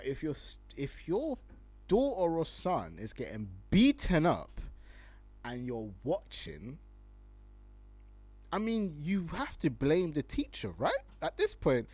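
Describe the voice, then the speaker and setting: Animated young man podcasting. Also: medium pitch, no room sound. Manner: animated, laughs often, slangy, reads tweets aloud. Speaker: podcast host. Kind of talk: casual solo podcast commentary.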